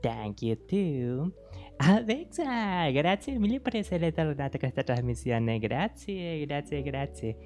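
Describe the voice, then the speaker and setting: A woman streamer chatting casually with her live chat, playful and teasing, thanking viewers over and over and speaking slowly and carefully. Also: sits low, very animated, darkish tone, soft background music. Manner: deliberately slow, careful speech.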